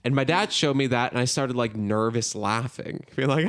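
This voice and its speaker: Animated man telling stories on a podcast. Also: medium pitch, moderate pace, gravelly, hardly any pauses. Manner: animated storyteller, lots of filler "like". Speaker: podcast host. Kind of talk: casual podcast chat.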